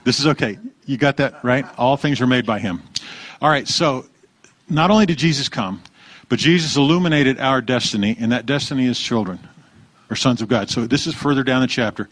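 A man preaching a conversational sermon, relaxed, asking the congregation questions and repeating their answers. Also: mid-range voice, brisk, dry recording. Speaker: pastor.

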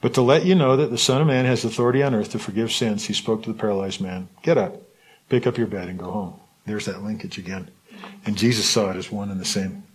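A man leading a Bible study, reading scripture aloud in a lively way and stopping to comment on it. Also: on the low side, fast, slightly rough, poor audio. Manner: animated reading, voices the quotes with asides.

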